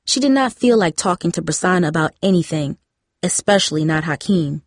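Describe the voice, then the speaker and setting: A woman narrates a story in measured, steady prose reading. Her voice sits on the low side, and the recording is close and dry, with no room sound. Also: dry recording. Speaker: audiobook narrator. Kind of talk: scripted narration.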